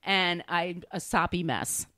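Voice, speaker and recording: A woman's voice: fairly low pitch, slow pace, bright, forceful tone, dry recording. A woman podcast co-host chatting casually as she retells a film, rambling and laughing.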